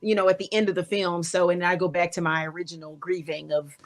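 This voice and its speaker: A woman with a fairly low voice speaks as a podcast co-host in relaxed chat. She thinks aloud, restarting and hunting for the right words. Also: fast talker. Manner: reflective, searching for words. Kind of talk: casual chat.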